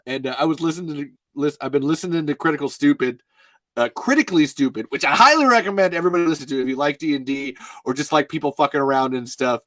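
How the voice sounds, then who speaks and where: A man's voice: on the high side, quick pace, fairly bright tone, no echo. A man hosting a show, chatting casually in a rambling way, often swearing and laughing. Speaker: host. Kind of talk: casual chat.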